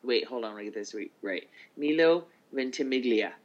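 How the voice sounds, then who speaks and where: A man co-hosting a casual podcast chat, reading down a list of nominees with quick asides. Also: fairly low pitch, fairly even intonation, lo-fi sound. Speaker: podcast co-host.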